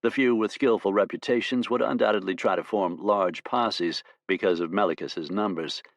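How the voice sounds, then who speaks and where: Low-voiced man narrating an audiobook. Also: normal speed, no room sound.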